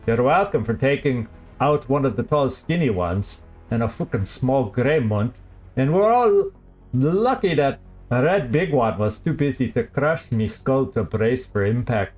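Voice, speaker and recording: A man's voice: mid-range voice, animated, a little mellow, faint music behind, natural voice. A man putting on a cursing Scottish soldier. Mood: grumbling, cursing. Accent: put-on Scottish. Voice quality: gruff, rapid-fire insults.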